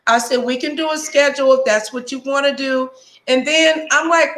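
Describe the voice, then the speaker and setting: A woman hosting a casual live stream, telling stories in an animated, blunt way and swearing freely. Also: high voice, moderate pace, roomy sound, poor audio.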